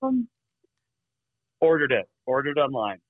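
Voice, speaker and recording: A middle-aged man, a guest, telling stories in an energetic, upbeat way, his pitch jumping up suddenly. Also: unhurried, no echo. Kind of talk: casual storytelling. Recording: dry phone-like call audio.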